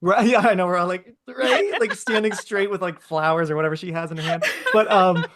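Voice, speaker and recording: A woman in her thirties with a fairly low voice, talking on a podcast. She gushes and rambles, often restarting her sentences in an easy, casual chat. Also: a little fast, crowd noise. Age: 30s. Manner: gushing, chatty, full of restarts. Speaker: podcast co-host.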